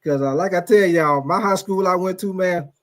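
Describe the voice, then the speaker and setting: A man hosts a casual sports live stream, his voice sitting a bit high for a man. He rambles through profane stories and calls out his viewers by name as he goes. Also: normal speed. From Atlanta, USA. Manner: profane, loose storytelling, addresses viewers by name. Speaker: sports livestream host.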